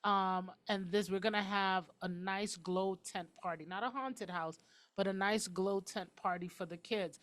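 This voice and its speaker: Chatty woman talk show host, rattles along fast, blunt and emphatic. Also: medium pitch, steady tone, a bit bright. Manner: fast-talking, emphatic and outspoken. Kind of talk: casual talk show chat.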